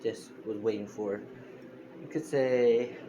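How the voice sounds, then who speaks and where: A young man with a somewhat low voice tells a story in a loose, rambling way, full of fillers and restarts. He was recorded on a phone, and a steady hiss sits clearly under his voice. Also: slow. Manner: rambling, heavy on fillers and self-corrections. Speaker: fan storyteller. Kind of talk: casual retelling of a fan story. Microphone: phone screen recorder.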